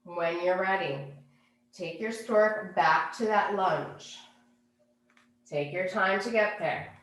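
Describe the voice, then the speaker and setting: A woman teaching a yoga class, giving calm, unhurried cues for poses and breathing. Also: fairly low pitch, roomy sound. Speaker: yoga instructor. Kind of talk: guided yoga class instruction.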